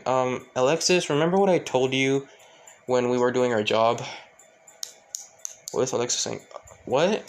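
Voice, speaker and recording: A man's voice: mid-range voice, slight background noise. A man telling an improvised fan story, rambling and correcting himself as he loosely voices each character's lines.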